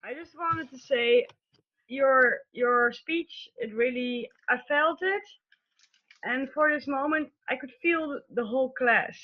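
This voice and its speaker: A woman in an online class, moved and halting, searching for words as she shares with the group. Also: high-pitched, dull audio. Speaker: class participant. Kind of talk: emotional sharing in a group.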